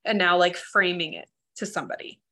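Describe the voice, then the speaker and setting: Bright-voiced woman, earnest and rambling. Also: fairly low pitch, steady tone, a little fast. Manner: earnest, emotional, rambling with many fillers. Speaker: workshop participant. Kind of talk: casual group discussion.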